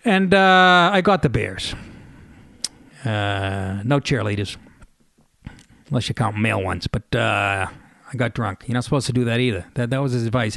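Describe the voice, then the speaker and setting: A man's voice: mid-range voice, expressive, normal speed, vocal fry, pauses often, fairly bright tone, dry recording, clean studio sound. Profane fifty-something New man. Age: 50s. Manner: profane, storytelling, laughs mid-sentence. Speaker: radio show host. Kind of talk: casual monologue.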